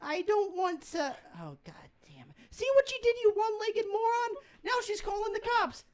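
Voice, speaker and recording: A man's voice: very high-pitched, very animated, moderate pace, pitched above the performer's own voice. A man voicing a brash, foul-mouthed small-time street mugger as an improv character. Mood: aggressive.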